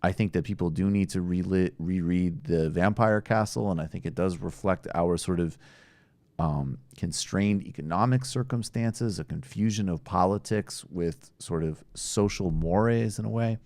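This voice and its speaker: Low-voiced wry male talk host. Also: moderate pace, darkish tone, dry recording. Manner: rambling, wry, lots of fillers. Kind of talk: casual political talk show chat.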